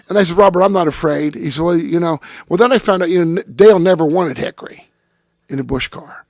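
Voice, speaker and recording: Interview guest: a man with a raspy, fairly high voice, salty and lively, acting out quotes as he tells the story, close dry sound. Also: brisk, no echo. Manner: profane, animated storyteller who acts out quotes.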